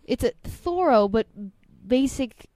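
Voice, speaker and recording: A woman's voice: high-pitched, lively intonation, slow pace, warm tone, no room sound. A woman hosting a podcast, asking curious, empathetic questions in casual conversation. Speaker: podcast host. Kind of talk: casual interview.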